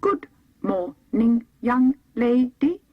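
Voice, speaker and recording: A woman with a British accent voicing a polite clockwork copper man who talks in a slow, mechanical voice in a storybook reading. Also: on the high side, lively intonation, no room sound, narrow, tinny audio, voice pushed up, heavily acted. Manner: polite and measured.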